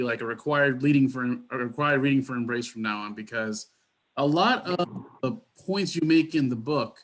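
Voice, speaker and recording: A man's voice: medium pitch, a bit bright. A man who co-founded the organization asking the guest a question on a video call, hesitant and earnest with many fillers.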